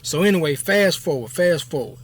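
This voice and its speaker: 50s guy, kinda high voice, rambling storytime, keeps checking in with the listener. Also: lively intonation, brisk. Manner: rambling, keeps saying "you know what I'm saying". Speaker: YouTube storyteller. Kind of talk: casual storytelling.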